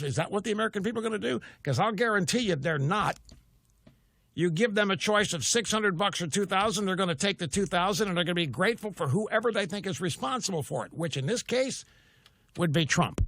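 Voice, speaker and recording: Older male talk radio host: bright, dry studio sound, combative, full of rhetorical questions. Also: sits high, animated, a little fast, no room sound. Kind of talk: political talk radio monologue. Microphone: studio mic.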